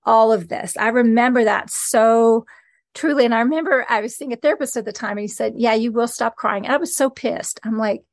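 A woman's voice: fairly high pitch, brisk, no echo. A woman preaching an earnest, conversational sermon and reading scripture aloud as host of her podcast.

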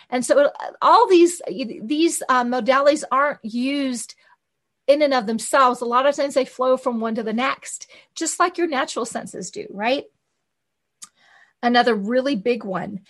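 A woman delivers an informal church teaching, her voice sitting a little high. She talks in a lively, conversational way, dropping fillers and acting out little quotes. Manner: animated, conversational, with many fillers and quoted asides. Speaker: Christian teacher on hearing God.

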